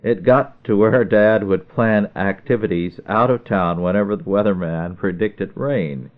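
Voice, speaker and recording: A man tells a humorous family story in a very low, steady voice. His delivery is dry and even. The sound is thin and tinny, like a phone line. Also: a little slow.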